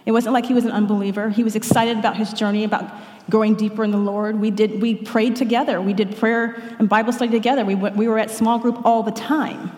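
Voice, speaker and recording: A woman's voice: fairly high pitch, little pitch movement, fast, darkish tone. Earnest woman testifying in echoey hall. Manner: earnest, with restarts and quoted prayers. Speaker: speaker giving a testimony. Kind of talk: church testimony. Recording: echoey hall, long reverb.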